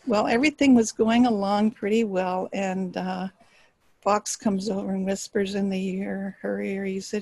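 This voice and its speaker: Expressive woman telling a folktale. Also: medium pitch, normal speed, no echo, low-quality recording. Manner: expressive, drops to hushed whispers for suspense. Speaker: storyteller. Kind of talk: live oral storytelling.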